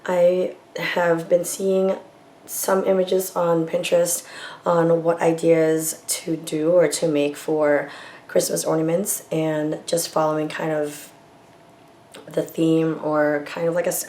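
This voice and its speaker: A woman who has lost her voice, hoarse and chatty, hosting a casual crochet tutorial and often correcting herself as she goes. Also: sits low, dark tone, slight background noise. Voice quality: gravelly. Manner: rambling, self-correcting, chatty. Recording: roomy echo.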